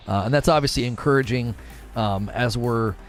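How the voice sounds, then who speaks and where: A man's voice: medium pitch, moderate pace, faint music behind. A man in his thirties chatting casually on a live stream as the streamer, rambling with many fillers and restarts.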